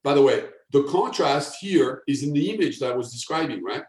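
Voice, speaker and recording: A man, a guest expert, explaining step by step with examples and often checking in with a quick tag question. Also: mid-range voice, lively intonation, darkish tone. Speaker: guest, sales persuasion expert. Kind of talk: explanatory interview talk. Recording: echoey room.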